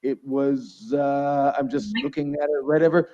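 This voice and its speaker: A man's voice: mid-range voice, steady tone, unhurried, warm tone, lo-fi sound. A man from Canada, a guest rapper, chatting casually over a video call and laughing easily.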